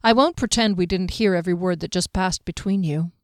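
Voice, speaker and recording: A woman's voice: fairly low pitch, fairly quick, no echo, close to an everyday voice. Cold, commanding swordswoman , read by a woman, clipped and level, dry audiobook sound. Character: steely young woman warrior, cold and controlled.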